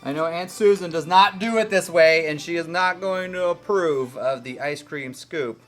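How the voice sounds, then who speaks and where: A woman's voice: fairly low pitch, normal speed. A woman hosting a casual cooking demo, talking in a playful, rambling, joking way. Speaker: cooking show host. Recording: background music.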